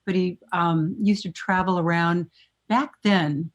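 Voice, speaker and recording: A woman in her seventies, a former morning TV host, telling lively anecdotes as a guest and laughing often. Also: lowish voice, unhurried, lo-fi sound. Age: 70s. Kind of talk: storytelling interview chat.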